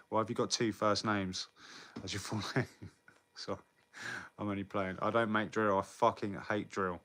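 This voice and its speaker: A young British man talks loosely to his viewers, wandering from thought to thought and swearing freely. His voice sits a little low, with a bright, forward edge. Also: steady tone, moderate pace, long pauses. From Britain. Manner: rambling, swears often, laughs between lines. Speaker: live streamer. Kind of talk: casual live chat reading viewer comments.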